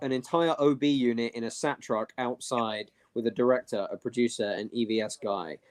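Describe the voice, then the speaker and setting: A man with a British accent, a guest in a casual watch-along chat, teasing and animated. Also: mid-range voice, a little fast. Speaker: guest commentator.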